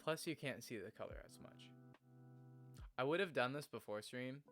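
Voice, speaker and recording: A man's voice: medium pitch, normal speed, a bit bright, faint music behind. Earnest rambling young man streamer. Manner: earnest and rambling, laughs at himself. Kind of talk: casual morning stream chat. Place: home streaming room.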